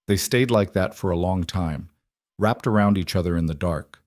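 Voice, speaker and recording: A man narrating a scripted romance story in an even, measured way. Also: sits low, no echo, studio quality.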